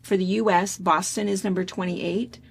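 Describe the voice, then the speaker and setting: A woman's voice: mid-range voice, steady tone, moderate pace, gravelly, husky. A middle-aged American woman hosting a casual chat, rambling along with lots of fillers. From United States. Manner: rambling, chatty, with frequent fillers. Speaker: show host.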